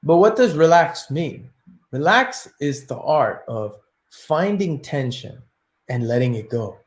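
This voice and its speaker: A martial arts teacher telling a story in an interview, animated and acting out his inner thoughts. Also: fairly high pitch, takes it slowly. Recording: echoey room.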